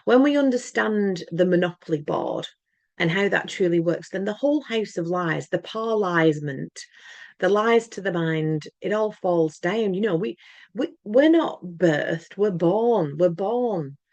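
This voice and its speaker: Gravelly low-voiced woman, earnest and rambling. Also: animated, measured pace, darkish tone, no room sound. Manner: rambling, repeats words, many restarts; earnest, emphatic. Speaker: channel host. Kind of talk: casual monologue to camera.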